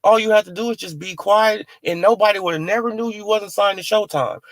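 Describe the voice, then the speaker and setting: Fast-talking male boxing vlogger with a slightly high voice, dry close sound, heavy slang. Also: no room sound. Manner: animated, mocking, heavy on "you feel what I'm saying". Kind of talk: casual slang-heavy commentary.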